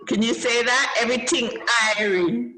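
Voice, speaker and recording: A woman's voice: a little high, moderate pace, fairly bright tone, low-quality recording. Upbeat Jamaican woman teaching kids. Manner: encouraging and upbeat, praises often. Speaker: host teaching children. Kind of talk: casual teaching chat.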